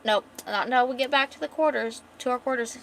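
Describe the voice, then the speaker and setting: A woman reading a comic aloud, voicing a flustered, earnest young man who sounds exasperated and quick. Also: fairly high pitch, gravelly, fairly bright tone, slight background noise, voice pushed up.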